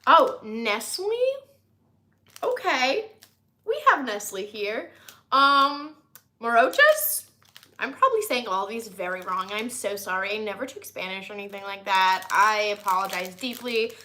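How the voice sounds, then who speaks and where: A woman's voice: medium pitch, very animated, a little slow, bright, forceful tone. A young American woman rambling through a casual snack-tasting vlog, with many likes and ums, a little nasal from being sick. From United States. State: slightly nasal from recent illness. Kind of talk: casual chat to camera.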